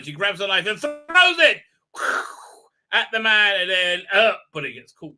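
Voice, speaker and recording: A man hosting a livestream, giving a rambling recap of a show with many halting fillers and restarts. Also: high voice, sing-song. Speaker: livestream host. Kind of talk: ranting show recap commentary.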